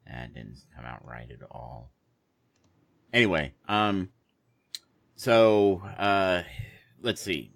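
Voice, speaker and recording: Man, very low voice, casual podcast host, relaxed chatter with fillers. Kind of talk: casual gaming podcast chat.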